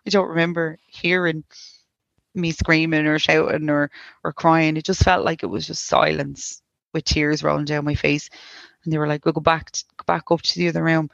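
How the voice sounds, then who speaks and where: A woman in her thirties with an Irish accent, telling a painful personal story in a halting way, full of restarts and quoted speech. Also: deep voice, flat delivery, creaky, no echo, dull audio. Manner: halting, many restarts and likes, quoting others. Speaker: guest sharing a personal story. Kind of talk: emotional personal account.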